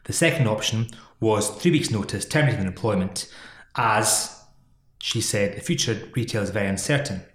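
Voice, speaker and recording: A man's voice: fairly low pitch, moderate pace, echoey room. A man co-hosting a casual chat about an employment law case, teasing his partner and laughing often. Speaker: podcast co-host.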